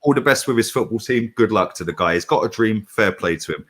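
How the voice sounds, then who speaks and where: A middle-aged man talking in a brash, animated way, swearing and using slang. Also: on the low side, fast talker. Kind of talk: casual chat.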